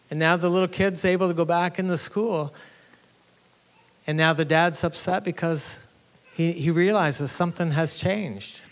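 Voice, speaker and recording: A man pastor giving a conversational teaching sermon, telling a story with earnest restarts. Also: a little high. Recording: reverberant hall.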